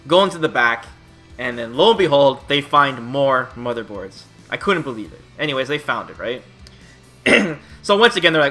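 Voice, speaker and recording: A man telling a long exasperated story in a casual vlog, swearing often and acting out both sides of the conversation. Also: mid-range voice. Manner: animated, profane, exasperated storytelling. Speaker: streamer and YouTuber.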